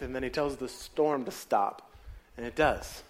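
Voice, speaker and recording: A man preaching a sermon, telling stories and dropping to quiet asides. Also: mid-range voice, steady tone, slow pace, long pauses.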